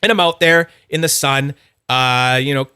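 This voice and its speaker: A young fidget toy reviewer rambles through a casual unboxing chat, packed with fillers and restarts. His medium-pitched voice is pushed and bright at a moderate pace, with a clean tone in a dry, studio-quality recording.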